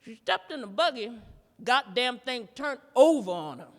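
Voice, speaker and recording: A woman's voice: a little high, sing-song, normal speed, a bit bright, big-room sound. A woman reenacting a stand-up routine, telling a profane story with drawling, rhythmic asides. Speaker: stand-up performer. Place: art museum performance space.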